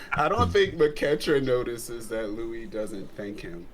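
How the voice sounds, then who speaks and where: A man's voice: medium pitch, rough recording. A man playing a tabletop role-playing game, talking casually and thoughtfully about his character's actions. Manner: slow, thoughtful, with chuckles. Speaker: player.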